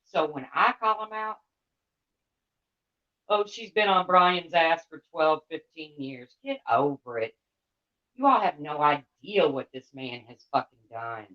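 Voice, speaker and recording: A woman's voice: low voice, expressive, a little slow. A woman livestreamer rants to her chat in a blunt, heated voice and swears freely. The sound is dull and lo-fi.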